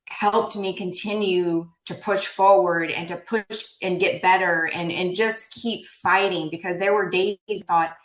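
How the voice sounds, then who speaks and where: Woman giving a heartfelt talk on a video call, emotional, echoey room. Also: fairly low pitch. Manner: earnest, emotional, repeats words. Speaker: keynote speaker.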